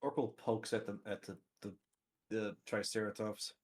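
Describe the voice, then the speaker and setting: A man's voice: fairly low pitch, steady tone, normal speed, darkish tone. A man playing a tabletop game, describing his character's actions in a faltering way. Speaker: player.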